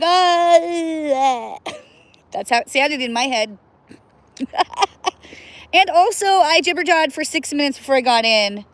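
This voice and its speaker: A woman casually chatting on a livestream from outdoors by cold water, playful and laughing often, whooping now and then. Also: high-pitched. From US Northwest. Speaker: livestream host.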